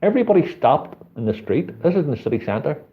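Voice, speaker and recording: A middle-aged Northern Irish man, a street photographer hosting a live chat, tells a street story in a fairly high, sing-song voice, talking a little fast. He swears freely, and the audio sounds tinny, like a phone.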